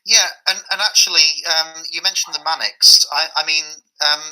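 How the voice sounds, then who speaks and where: A man's voice: on the high side, fairly even intonation, normal speed, bright, forceful tone, poor audio. A man co-hosting a casual podcast chat, stumbling through restarts before landing dry, wry remarks. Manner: hesitant, with many stumbling restarts. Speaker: podcast co-host.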